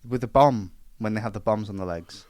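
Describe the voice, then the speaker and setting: A man's voice: fairly low pitch, fairly quick, a little mellow. A man co-hosting a casual film podcast, talking bluntly and swearing freely. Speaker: podcast co-host.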